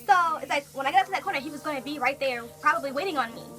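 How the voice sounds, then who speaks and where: A young woman vlogger telling a personal story in a casual, animated way, full of fillers and quoted thoughts. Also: high voice. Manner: animated, talks fast with many fillers.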